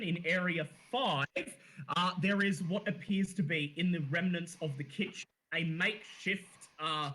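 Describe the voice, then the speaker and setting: A man narrating a tabletop game as dungeon master, halting with frequent fillers. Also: high voice, bright, forceful tone, rough recording.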